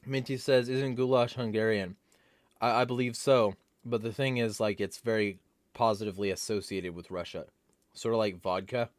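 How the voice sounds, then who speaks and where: A man's voice: lowish voice, steady tone, normal speed, no echo. A young man hosting a livestream, reading chat comments and answering them in a rambling, wry way.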